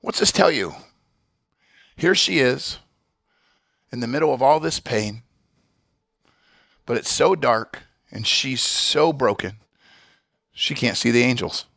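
A man's voice: medium pitch, expressive, slow pace, gravelly, long pauses, a bit bright, no room sound, studio quality. A man preaching a sermon as pastor, emphatic, often restarting his words.

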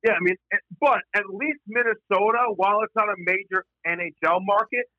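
A man's voice: high voice, bright, forceful tone, no echo, highs cut off. A man talking hockey in a casual panel chat, stumbling and restarting as he argues his points. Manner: halting, many restarts.

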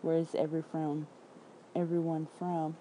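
A low, very dark and mellow-voiced woman from Memphis speaks with a Southern accent. She chats loosely and bluntly to her viewers, tossing in curses and quick asides between the headlines she reads out. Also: little pitch movement, slight background noise, rough recording. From Memphis, Tennessee. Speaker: independent writer streaming to viewers. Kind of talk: casual livestream chat.

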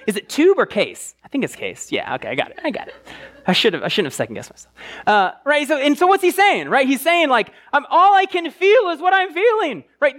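A man preaching a sermon in a conversational way, often checking in with the crowd and restarting his phrases. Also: high voice. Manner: animated, with frequent restarts. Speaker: pastor.

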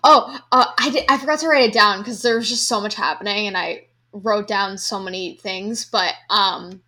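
A woman co-hosting a podcast in casual chat, reacting with quick, chatty asides. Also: mid-range voice, bright, forceful tone. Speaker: podcast co-host.

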